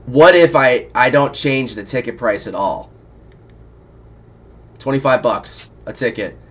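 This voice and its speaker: A man's voice: mid-range voice, measured pace, husky. Rambling, swearing male show host. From Iowa. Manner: rambling, excitable, swears a lot. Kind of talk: casual profane chat.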